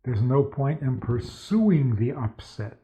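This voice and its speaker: A man's voice: mid-range voice, expressive, slow pace, warm tone. A man who is a rabbi, giving a spoken lecture with stories and asking rhetorical questions. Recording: tinny phone-like sound.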